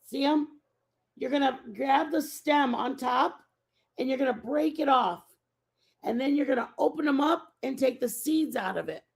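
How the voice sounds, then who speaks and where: A woman's voice: high-pitched, normal speed, creaky. A woman hosting a casual live stream, rambling and chatting with her viewers and answering their messages by name.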